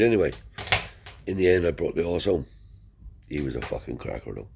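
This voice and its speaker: A man with a very low voice spins a long, rambling tale in broad, everyday speech. He swears freely and slips into the voices of the people in his story. There is a faint hiss behind him. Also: lively intonation, brisk, creaky. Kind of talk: casual spoken anecdote.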